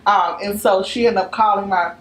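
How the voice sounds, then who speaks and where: A woman's voice: medium pitch, fairly even intonation, normal speed, fairly bright tone. A woman in her twenties gives an earnest testimony in an interview. Her voice sits in the middle range. The room around her is echoey and carries a faint background hiss. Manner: earnest storytelling, quotes her mother in a raised voice. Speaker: interview guest.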